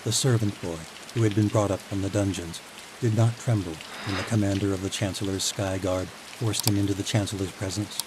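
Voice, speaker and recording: A man narrating a fantasy audiobook in a calm, even storytelling manner. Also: low voice, fairly quick. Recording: steady rain noise behind voice.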